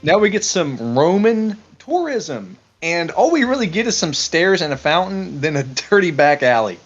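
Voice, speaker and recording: A man's voice: fairly high pitch, very animated, normal speed, dull audio, faint music behind. Casual, laughing man on a podcast. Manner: profane, laughs often. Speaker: podcast co-host. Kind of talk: casual chat about a film over beer.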